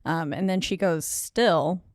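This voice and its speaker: A woman's voice: lowish voice, takes it slowly, no echo, clean studio sound. A woman co-hosting a podcast, recapping a horror film in matter-of-fact casual chat. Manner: matter-of-fact, adds details. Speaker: podcast co-host.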